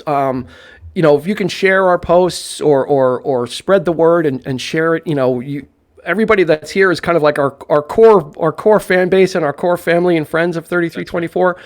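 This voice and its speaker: A man co-hosting a live-streamed film podcast, chatting casually in a rambling way with many restarts and playful jokes. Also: fairly high pitch. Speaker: podcast co-host. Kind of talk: casual live-stream chat about films.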